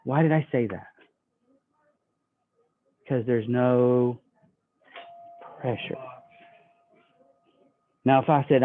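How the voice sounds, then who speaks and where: A man's voice: medium pitch, animated, slow, long pauses. A man giving a sales training talk, folksy and acting out customer dialogue. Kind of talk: sales training talk with role-played pitches. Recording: tinny phone-like audio.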